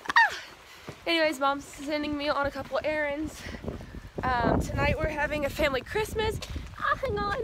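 A woman's voice: sits high, pushed and bright, no echo. A young woman vlogging casually in a rambling, chatty, self-deprecating way as she runs errands in the rain and in her car. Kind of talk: casual vlog chat.

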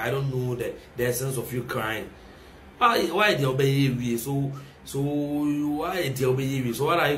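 A young Ghanaian man with a Ghanaian accent and a mid-range voice rants emotionally and casually, repeating himself, pleading and mixing in local words. He's a reality show contestant reacting on social media, and the audio is reverberant with slight background noise.

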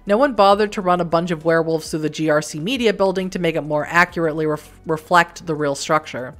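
A woman's voice: low voice, fast talker, fairly bright tone. A woman hosting a let's play, reading the game's text aloud with wry, joking asides.

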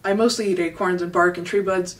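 A woman's voice: lowish voice, steady tone, fairly quick, natural voice. A chatty, rambling young squirrel from a storybook, put on by a woman. The voice is heard from some distance off the mic.

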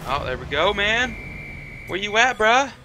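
A young man giving excited, trash-talking commentary while playing a video game, tossing "man" and "mate" into nearly every line. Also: sits high, a little slow, noisy background. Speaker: gamer. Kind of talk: live gameplay commentary.

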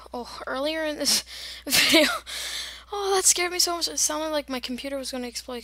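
A woman's voice: sits high, moderate pace, pushed and bright. A young woman chatting and rambling through casual gameplay commentary, giggling and wandering off on silly tangents. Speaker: gamer.

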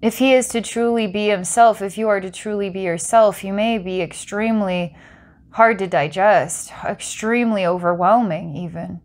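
A woman's voice: medium pitch, moderate pace. A woman doing a psychic reading for a client, rambling and breaking into giggles between intense passages. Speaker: psychic reader.

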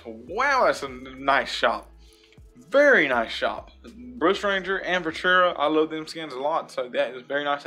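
Bright-voiced man rambling through a shop review. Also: a little high. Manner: rambling and upbeat, repeats praise often. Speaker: gaming YouTuber host. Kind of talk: casual video game shop review. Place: home room.

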